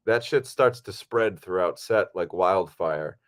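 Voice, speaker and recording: A man co-hosting a podcast, telling a story casually in a lively, profane way. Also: sits low, a little slow. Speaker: podcast co-host and actor. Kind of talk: casual chat.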